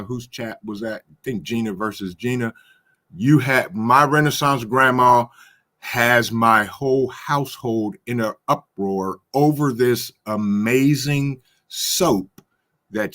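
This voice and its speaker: A man's voice: mid-range voice, slow, a bit bright. A man hosting a casual livestream, reading viewer comments aloud and greeting each one by name with a chuckle. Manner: chuckles often. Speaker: livestream host reading chat. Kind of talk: casual chat.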